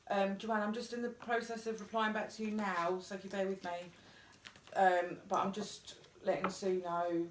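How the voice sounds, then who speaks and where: A woman co-hosting a live stream, briskly relaying bookings and viewer comments. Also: mid-range voice, flat delivery. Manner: brisk, practical, relaying messages. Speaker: co-host reading viewer comments. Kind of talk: casual live-stream chat. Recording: echoey room with faint noise.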